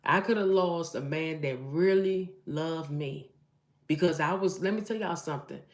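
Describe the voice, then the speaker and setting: A woman with a low voice, a mother and vlogger, delivers preachy motivational talk to her camera at a moderate pace. She gives emphatic advice and repeats phrases to drive her points home. The recording has a roomy echo.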